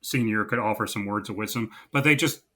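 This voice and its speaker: A man with a fairly low voice and a bright, forceful tone talks about a film in relaxed podcast conversation. He agrees often with short replies and adds his own remarks in a loose, easygoing way. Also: a little fast. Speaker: podcast co-host. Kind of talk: casual movie discussion.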